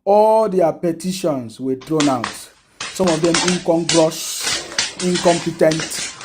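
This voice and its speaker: Nigerian male political vlogger with a high voice who fires off taunting rhetorical questions. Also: slow pace, very noisy. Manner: mocking, rhetorical questions, frequent laughter. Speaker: political commentator. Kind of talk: political commentary vlog.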